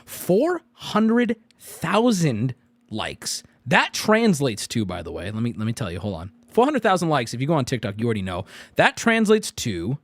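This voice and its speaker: A man in his thirties streaming, ranting with heavy profanity and breaking into sudden incredulous yells. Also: mid-range voice, huge pitch swings, fairly quick, dry recording. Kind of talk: ranting live stream commentary.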